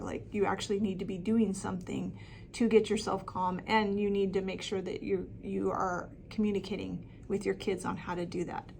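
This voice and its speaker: A woman's voice: mid-range voice, flat delivery, moderate pace, creaky, darkish tone, a little hiss or hum. A middle-aged woman coaching parents with practical advice, talking plainly with frequent ums and restarts. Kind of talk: talking-head advice video.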